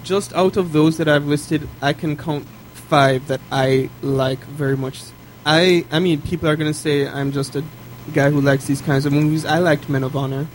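A man hosting a casual chat, steering the talk and listing things off in quick succession. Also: a little high, steady tone, a little hiss or hum, low-quality recording.

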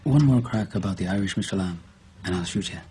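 An actor playing a stern police captain issuing a threat in a film scene. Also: male voice, deep voice, fast, warm tone, slight background noise, close to an everyday voice. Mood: threatening. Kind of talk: film dialogue.

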